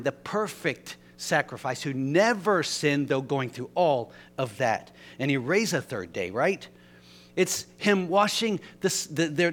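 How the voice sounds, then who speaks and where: Animated male preacher telling a story. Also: on the high side. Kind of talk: sermon. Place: church.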